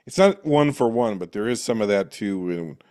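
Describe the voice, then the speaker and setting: A man's voice: lowish voice, expressive, normal speed, darkish tone, clean tone. A man appearing as a guest on a podcast, analyzing film characters in casual talk and slipping into mock voices now and then.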